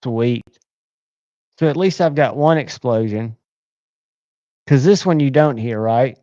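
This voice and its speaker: Male stream host, mellow and smooth, easygoing and chatty, dry muffled audio. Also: mid-range voice, slow pace, no echo. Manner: chatty, rambling, enthusiastic. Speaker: livestream host. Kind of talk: casual chat.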